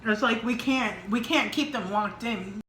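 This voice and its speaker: A woman co-hosting a casual mukbang vlog, talking openly and emotionally in halting restarts. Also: a little high, fairly bright tone, slight background noise. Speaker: vlog co-host. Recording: echoey room.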